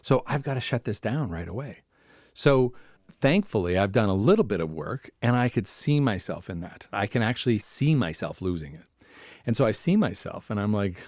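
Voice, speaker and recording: A family therapist tells stories from his life on a conversational podcast, sometimes acting out the voices of the people in them. His low voice is expressive and a little mellow at a normal speed, recorded dry and close with no room sound.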